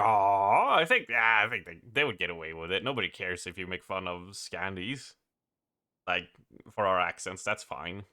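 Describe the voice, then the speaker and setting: A man's voice: deep voice, animated, a little slow, sharp tone. A man from Sweden with a Swedish accent, chatting casually on a live gaming stream, laughing often, swearing and restarting his sentences.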